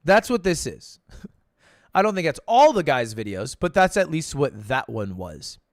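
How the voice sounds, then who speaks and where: An American streamer in his twenties talks casually to his chat. He is jokey and animated, and his voice sits high and swings all over. The close mic gives a dry sound with no room in it. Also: measured pace, dry recording.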